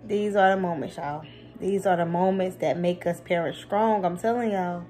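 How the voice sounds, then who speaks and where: A woman talks to her viewers at home in a casual vlog. She tells her stories in an animated, expressive way and keeps calling her audience y'all. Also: fairly low pitch, normal speed, soft background music. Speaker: vlogger, mother of two.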